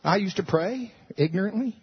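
A male pastor preaching at a church service, animated and swinging between loud and soft. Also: high-pitched, moderate pace, husky. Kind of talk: sermon. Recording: dull lo-fi recording.

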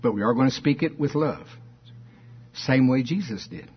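A man's voice: medium pitch, moderate pace, breathy edge, highs cut off. A man preaching a fervent sermon, reading scripture aloud and firing questions at his listeners. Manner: fervent, emphatic preaching with call-and-response questions.

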